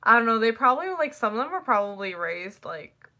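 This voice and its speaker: A teenage girl chatting casually to the camera, rambling and packing her talk with "like" and quick laughs. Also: on the high side, sing-song, bright, forceful tone. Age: teens. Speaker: vlogger.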